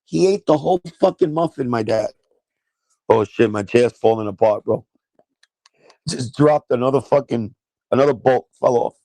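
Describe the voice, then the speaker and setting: A mellow, mid-range voice belongs to a New York man hosting a laid-back sneaker livestream from his chair at home; he tells a profane, loose story, laughing as he goes. He talks at a moderate pace, pausing often, with no echo.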